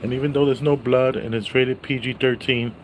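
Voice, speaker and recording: A man reviewing a movie on a casual livestream, greeting viewers by name and loudly repeating his catchphrases. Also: mid-range voice, fairly even intonation, brisk, a little hiss or hum.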